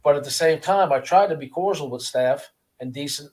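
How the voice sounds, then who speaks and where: A man, a former prisoner, telling his story in a casual interview with an earnest, halting manner, often repeating words. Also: fairly high pitch, darkish tone. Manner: earnest, repeats words, acts out guards' voices.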